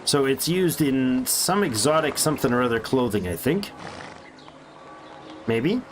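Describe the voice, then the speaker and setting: A man's voice: medium pitch, lively intonation, moderate pace, faint music behind. A man casually commenting on his strategy game as he plays, chatty and thinking aloud with little jokes to himself. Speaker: let's play streamer.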